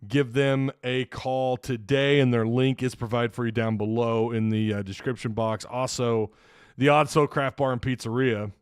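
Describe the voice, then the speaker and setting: A man's voice: mid-range voice, steady tone, normal speed, clean tone, no echo. A man hosting a casual sports livestream from his home studio, rambling and getting flustered over tech trouble. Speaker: sports podcast host.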